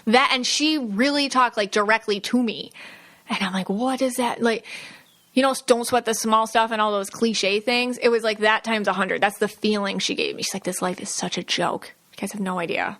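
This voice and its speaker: A woman's voice: a little high, normal speed, a bit bright. A woman hosting her own podcast as a psychic medium, talking casually and at length, full of fillers and restarts, and acting out the people she quotes. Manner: chatty, many fillers and restarts, acts out quotes. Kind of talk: casual solo podcast monologue.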